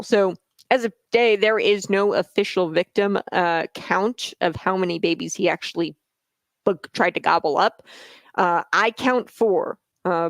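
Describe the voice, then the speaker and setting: A man's voice: high-pitched, vocal fry, fairly bright tone, no room sound. Man, political commentary host, sarcastic and mocking, lots of ums and uhs, dry close sound. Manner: sarcastic, mocking, full of filler words. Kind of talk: casual political commentary vlog.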